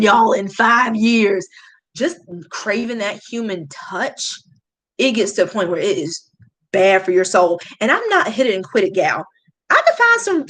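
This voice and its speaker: On a live stream, a woman in her late 20s who's a YouTube beauty vlogger confides emotionally in viewers, talking casually and directly to chat. Her medium-pitched voice is a bit bright, and the recording quality is low.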